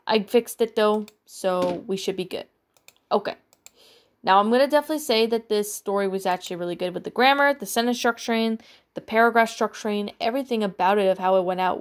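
A woman who reads a creepypasta aloud and then reviews it in a casual, rambling way, with halting restarts and a lot of repetition. Soft music plays behind her. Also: medium pitch. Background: soft background music.

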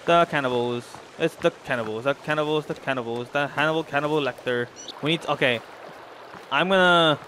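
A man's voice: fairly high pitch, a bit bright, slight background noise. A young man casually commenting while he plays a video game, rambling to his viewers and to the characters on screen. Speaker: gaming channel host. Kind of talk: casual let's-play commentary.

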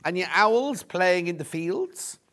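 A man's voice: high voice, expressive, slow pace, fairly bright tone. A man presenting fabrics on a live shopping show, chatty and effusive, thinking aloud as he goes. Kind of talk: live product demonstration.

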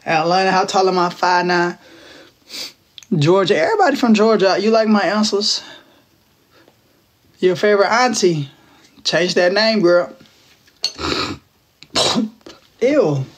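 Young guy from Texas, high pitched, playful slangy livestream banter, talking into his phone. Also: slow pace, pauses often. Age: 20s. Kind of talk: casual live-stream chat with viewers.

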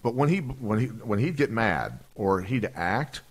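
A man's voice: on the low side, very animated, a little slow. A man, a retired fighter telling profane stories on a podcast and acting out the voices of the people in them. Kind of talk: casual storytelling.

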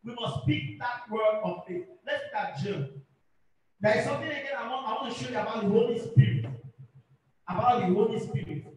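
A male pastor preaches fervently in a very high voice, repeating himself and calling for amens. He sounds far from the microphone in a big, booming, echoey hall. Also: brisk. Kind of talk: sermon.

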